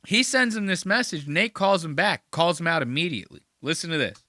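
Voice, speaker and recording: Male podcast host, bright and forceful tone on a dry close mic, excitable slangy delivery. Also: a little high, fairly quick, no room sound. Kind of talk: casual commentary.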